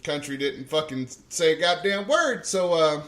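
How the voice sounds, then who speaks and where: A man's voice: a little high, lively intonation, moderate pace, a bit bright. A man, a podcast co-host and army veteran, telling rowdy stories in casual chat, swearing and laughing as he talks. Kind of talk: casual storytelling.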